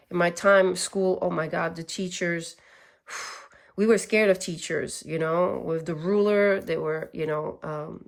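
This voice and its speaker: A woman's voice: lowish voice, gravelly. A woman giving a casual spiritual tarot reading, earnest and easily moved, laughing at times. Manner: earnest, gets emotional, laughs. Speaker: tarot reader.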